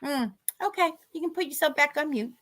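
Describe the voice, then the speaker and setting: Bright high-voiced Boston woman. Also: a little fast. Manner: rambling, chatty, self-interrupting. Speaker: psychic medium. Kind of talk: live-streamed chat and readings. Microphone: video call microphone.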